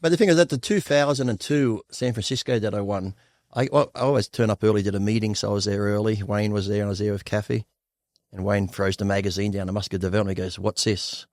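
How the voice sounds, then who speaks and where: Blunt, fast-talking Australian man. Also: lowish voice, steady tone, a little mellow, no echo, clean studio sound. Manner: blunt, profane, laughs often. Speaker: guest bodybuilder. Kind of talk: candid storytelling interview.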